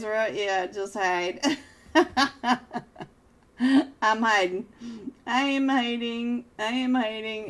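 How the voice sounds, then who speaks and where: A young adult woman live-casting a mobile battle royale match, excitable and self-mocking, jumping between play calls and chat with viewers. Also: medium pitch. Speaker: esports caster. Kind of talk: live game commentary.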